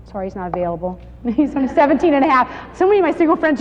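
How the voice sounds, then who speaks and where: Animated woman teaching in an echoey hall. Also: sits high, racing, hardly any pauses. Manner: animated, laughing, acts out little quoted exchanges. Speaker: Bible study speaker. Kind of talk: lively Bible study talk to women. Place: large hall with audience. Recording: muffled 1990s video recording in a reverberant hall.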